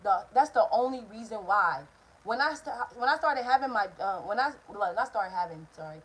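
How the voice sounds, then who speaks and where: A woman's voice: medium pitch, animated, moderate pace, poor audio. A young woman telling a casual storytime vlog, rambling, blunt and profane, drifting off topic while talking straight to her viewers. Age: young adult. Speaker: vlogger.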